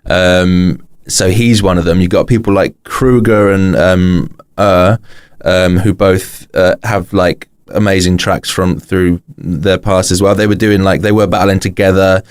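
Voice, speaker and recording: A man with a very low, deep British voice talks casually on a podcast. He explains at length, circling back with lots of fillers and restarts. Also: fairly even intonation, a little slow, smooth. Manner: rambling, filler-heavy explanations. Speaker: podcast guest, rapper and author.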